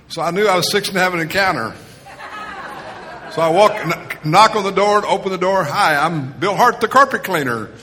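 A man's voice: a little high, sharp tone. A male pastor preaching a sermon as a personal story, in a storytelling style that acts out the quoted voices. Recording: reverberant hall.

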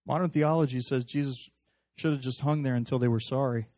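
A man preaching a sermon in a lively, conversational way, acting out little dialogues as he speaks to a live congregation. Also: mid-range voice, fairly quick, dry recording. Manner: animated, conversational, acts out dialogue.

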